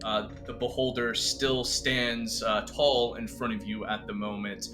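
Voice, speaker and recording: A man running a tabletop game as dungeon master, narrating slowly with lots of "uh" and "um". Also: mid-range voice, fairly even intonation, music in the background. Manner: unhurried, filler-heavy narration.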